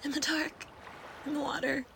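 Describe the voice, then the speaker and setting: A jittery young woman camp counselor, played by a woman talks in hushed, fearful whispers. Her voice is pitched very high. A faint noise lies under the horror audio drama. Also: little pitch movement, moderate pace, vocal fry. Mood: hushed scared. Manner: frightened, alternating hushed whispers and panicked cries.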